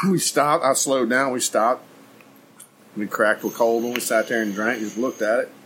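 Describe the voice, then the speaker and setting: A man's voice: medium pitch, wildly swooping pitch, measured pace, noisy background. A man co-hosting a podcast, telling gross-out stories in casual chat with plenty of laughter. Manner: laughing storyteller, graphic and joking. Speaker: podcast co-host.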